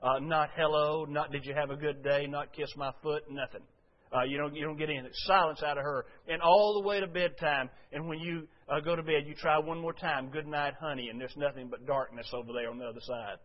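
A man's voice: on the high side, steady tone, fairly quick. A man preaching a sermon to a congregation, folksy and conversational, full of rhetorical questions. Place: church before a congregation. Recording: dull lo-fi recording.

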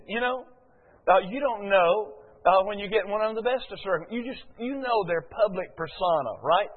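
A man in his fifties or older preaching a conversational sermon, folksy, with many "uh"s and rhetorical questions. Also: high voice. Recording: tinny phone-like audio in a long-echo hall.

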